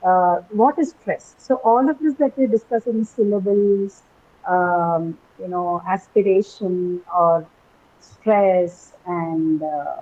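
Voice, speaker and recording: Female teacher, online class: patient explainer, husky tone, muffled call audio. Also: on the low side, takes it slowly, warm tone. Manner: explanatory, many fillers and tag questions. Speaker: English teacher. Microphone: video call.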